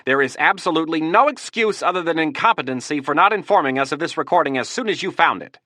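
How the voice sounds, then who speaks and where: A man's voice: mid-range voice, expressive, quick pace, no echo, clean studio sound, voice pushed up. A man voicing an irritable male chief of staff in an audiobook, snapping and raising his voice. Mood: angry. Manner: sharp, snapping, raised voice. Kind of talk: audiobook character voice.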